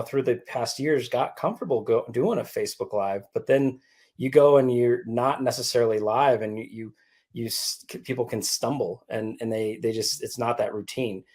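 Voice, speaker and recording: A man's voice: mid-range voice, darkish tone. A man guesting on an interview, explaining things in an easygoing, conversational way with frequent restarts. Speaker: podcast co-host guest. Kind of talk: casual interview chat.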